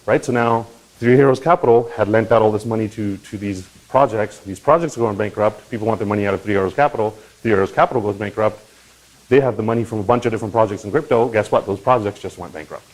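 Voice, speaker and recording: A man hosting a crypto channel, talking in a casual, animated explainer style and often checking in with "right?" and "okay?". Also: on the low side, quick pace, poor audio. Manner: animated, swings into loud mock voices and profanity; conversational with frequent "right?" and "okay?".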